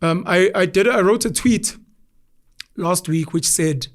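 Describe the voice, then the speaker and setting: A man's voice: high-pitched, a little slow. A young South African man hosting a podcast, telling stories animatedly and acting out quoted voices. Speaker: podcast host. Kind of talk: casual conversation.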